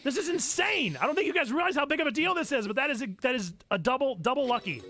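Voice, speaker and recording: A man streams a video game and calls out his play as it happens, quick to burst into excited shouts. His voice sits high and bright, and it swings widely in pitch, with game music playing faintly behind him. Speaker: church gaming streamer. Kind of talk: live gameplay commentary.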